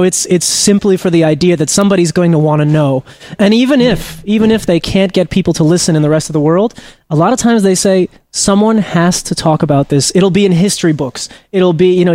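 Guy w a higher voice retelling a story, earnest, lots of restarts, dry sound. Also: a little mellow, no echo. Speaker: guest, journalism trainer. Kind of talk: interview storytelling.

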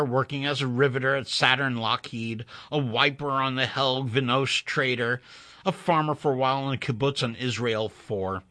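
A man narrating a story in an expressive, wry, measured reading. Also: mid-range voice, no room sound.

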